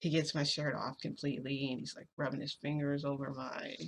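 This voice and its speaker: A woman's voice: extremely low pitch, level tone, a little fast, slight background noise. A woman vlogger telling a personal story in casual chat, rambling with lots of fillers and restarts.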